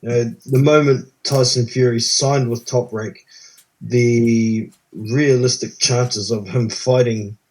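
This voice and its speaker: A man's voice: mid-range voice, steady tone, slow, darkish tone, low-quality recording. A man joining a live boxing chat as a guest, giving frank, matter-of-fact opinions. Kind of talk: casual live-stream chat.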